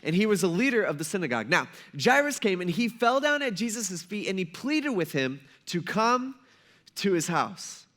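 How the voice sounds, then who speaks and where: A man's voice: high voice, big pitch swings, normal speed, fairly bright tone. A male pastor giving a casual, storytelling sermon and acting out the people in it. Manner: casual storytelling, acts out quoted voices.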